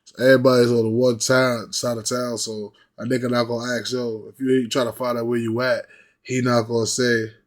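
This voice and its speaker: A man's voice: mid-range voice, a little fast. A man, hosting a reaction video and chatting casually in slangy, repetitive talk. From New York. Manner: slangy, repetitive, animated when imitating others. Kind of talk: casual rambling chat.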